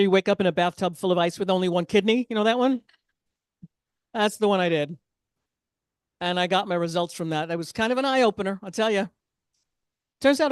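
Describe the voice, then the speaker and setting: A woman's voice: mid-range voice, dry recording, studio quality. A woman performing a stand-up comedy set, chatty and self-deprecating, with asides to the audience.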